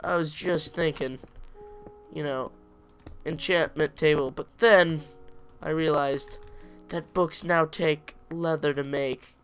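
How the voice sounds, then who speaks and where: A man's voice: fairly high pitch, steady tone, slow pace, pauses often, a bit bright, faint music behind. A man giving casual commentary over his own gameplay, chatty and jokingly self-pitying, talking back to the creatures in the game. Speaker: let's play gamer.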